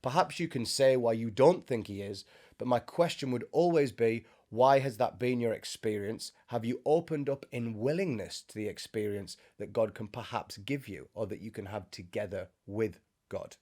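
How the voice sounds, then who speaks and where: A man's voice: mid-range voice, moderate pace, warm tone. A man giving an informal spiritual teaching to camera, conversational with joking asides, seated indoors. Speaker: Christian speaker. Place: indoors, sitting before a bright camera.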